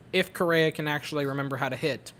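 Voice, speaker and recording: Young man, casual host, somewhat high voice, nervous and excitable running commentary, faint background hum. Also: a little fast. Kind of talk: casual chat. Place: home watch party.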